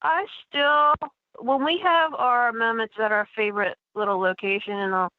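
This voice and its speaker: A woman calling in as a paranormal investigator guest on a radio show, talking chattily with many halting restarts. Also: on the high side, fairly even intonation, no echo. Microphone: telephone. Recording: tinny phone line.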